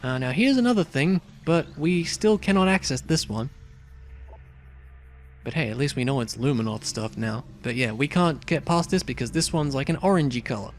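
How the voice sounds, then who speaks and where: A man's voice: mid-range voice, animated, moderate pace, a little hiss or hum. A young man casually commenting on a video game as he plays, chatty and rambling, with lots of fillers and asides. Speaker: let's play host.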